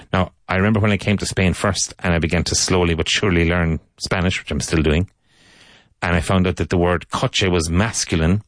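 An Irish man teaching English, repeating each phrase slowly and clearly for learners in a relaxed lesson monologue. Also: sits low, no echo. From Ireland.

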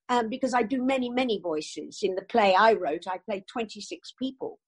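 Older woman chatting in an interview, a bit high and husky, acts out the quotes. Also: moderate pace. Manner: lively, animated storytelling with acted quotes. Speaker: actress. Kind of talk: interview chat.

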